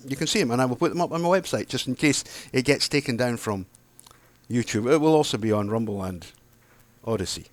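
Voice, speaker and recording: A man's voice: mid-range voice, a little fast, no echo. A man, delivering an angry, heated monologue to camera, sarcastic and swearing freely. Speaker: video blogger.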